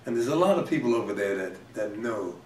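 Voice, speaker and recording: A man hosts a casual interview, telling stories in a rambling, halting way full of restarts. His voice sounds a few feet from the mic in a reverberant room, with a faint wash of ambient noise. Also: on the low side, lively intonation, darkish tone, recorded from a distance. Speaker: talk show host.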